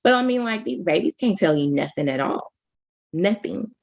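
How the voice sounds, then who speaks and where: A woman co-hosting a podcast, chatting casually and telling stories animatedly, with sudden jumps in pitch and frequent restarts. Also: lively intonation, vocal fry, darkish tone. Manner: talks fast, full of restarts. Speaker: podcast co-host. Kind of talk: casual chat.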